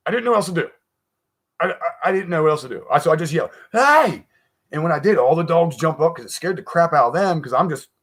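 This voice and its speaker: Man rambling through a ghost story. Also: a little high. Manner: rambling, animated storytelling with laughs and restarts. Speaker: guest telling a ghost story on a live chat. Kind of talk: casual storytelling on a live stream.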